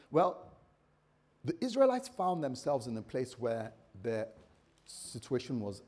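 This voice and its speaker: A man's voice: mid-range voice, mellow, slightly rough. A man preaching a sermon in a conversational way, quizzing his listeners and acting out scenarios for them.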